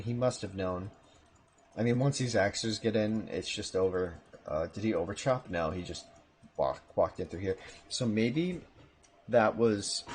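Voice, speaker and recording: A man casting a live strategy game match from home, with a relaxed, chatty manner and casual asides. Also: lowish voice, a little hiss or hum. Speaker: esports caster. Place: home room.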